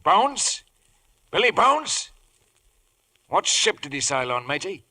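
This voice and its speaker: An actor playing a hearty, scheming one-legged pirate cook with a gravelly seafaring brogue in a 1950s radio drama. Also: male voice, a little high, very animated, takes it slowly, sharp tone, heavily acted. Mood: wheedling.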